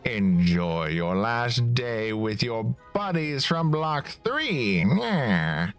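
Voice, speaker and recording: A man voicing a scornful, bossy male prison guard who taunts the inmates with slow, drawn-out mockery. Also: medium pitch, sing-song, soft background music, voice pushed up, heavily acted. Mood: mocking. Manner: taunting, drawn-out mocking delivery.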